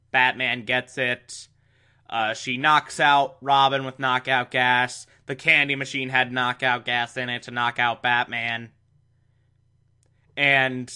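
A man recapping and reviewing an old TV episode in a casual monologue, sarcastic and exasperated, with sudden jumps in pitch for emphasis. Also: pushed and bright, clear, resonant tone.

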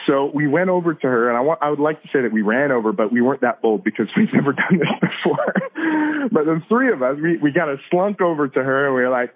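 A man, likely in his thirties, telling a faith story as a guest in a casual interview, animated and quick to laugh. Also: on the high side. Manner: animated, laughs often, repeats words. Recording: phone-like narrow band audio.

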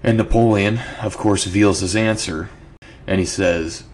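A man hosting a book club podcast, talking casually and throwing out animated, incredulous rhetorical questions. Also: on the low side, unhurried, a little hiss or hum. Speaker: host.

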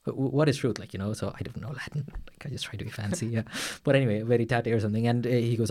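A man's voice: mid-range voice, fast, a little mellow. Rambling man talking faith, full of fillers. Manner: rambling, many fillers and restarts. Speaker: podcast co-host. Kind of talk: casual faith discussion.

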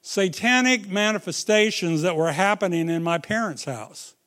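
A middle-aged man preaching a sermon, telling stories with dramatic swings between loud and hushed delivery. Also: high-pitched, moderate pace.

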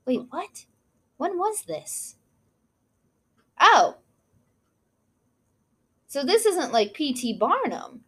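A woman's voice: sits high, big pitch swings, drawn-out words, pauses often, a bit bright. A woman co-hosting a casual chat, reading out history notes with frequent asides and apologies for mispronounced names. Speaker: podcast co-host.

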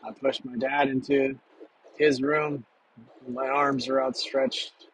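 A man telling a personal story from his past in a halting, measured way with long pauses. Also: medium pitch, flat delivery, a bit bright, slight background noise, rough recording.

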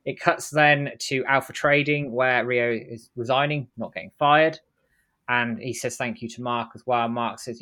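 Man briskly recapping an episode. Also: mid-range voice, steady tone, pushed and bright. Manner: brisk storytelling, acts out quotes in passing. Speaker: podcast co-host. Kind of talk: casual recap narration.

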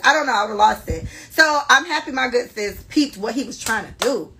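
Young woman podcast host, brash storyteller, gravelly edge, lively delivery. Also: fairly high pitch, normal speed. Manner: animated, brash storytelling with frequent cursing. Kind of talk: casual chat, reading listener stories.

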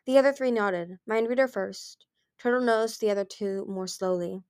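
A woman narrating a fantasy novel aloud in a soft, even reading voice with small slips. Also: mid-range voice, moderate pace, clear, resonant tone, no echo, studio quality. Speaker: audiobook reader. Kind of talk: storybook narration.

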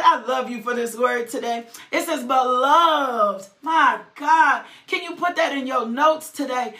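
A woman preaching with fervor, her voice high and bright. She takes her time, builds phrases through repetition and breaks into shouts at the peaks. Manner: fervent, rising to shouts, repeating phrases. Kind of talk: sermon.

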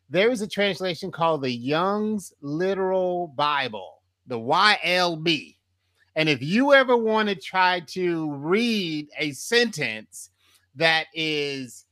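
A man's voice: a little high, sharp tone, no room sound. Dry-voiced man hosting a podcast. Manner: thoughtful, hesitant with frequent ums. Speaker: podcast host. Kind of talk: casual conversational podcast talk.

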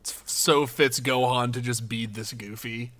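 A man co-hosting a podcast in casual chat, telling stories animatedly, acting out characters and swearing freely. He has a bright, forceful tone at a middle pitch, and the delivery is loose and conversational. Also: fairly even intonation, a little slow. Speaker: podcast co-host.

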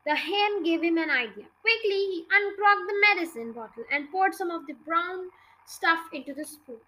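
Woman, storybook reading, very high voice, lively pitch. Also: moderate pace, rough recording. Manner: expressive, lively read-aloud. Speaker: podcast reader. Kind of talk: reading a children's book aloud.

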